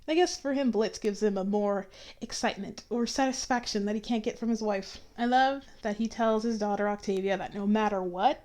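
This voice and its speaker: A woman's voice: medium pitch, a little mellow. A woman giving an opinionated, chatty review with sarcastic asides. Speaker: YouTube reviewer. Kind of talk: casual review commentary.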